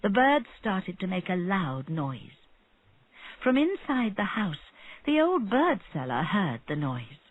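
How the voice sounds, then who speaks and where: Slow husky narrator reading an easy story, lively pitch, tinny dry audio. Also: dry recording. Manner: slow, clear storytelling for learners. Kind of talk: slow graded-reader narration. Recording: narrow phone-like sound.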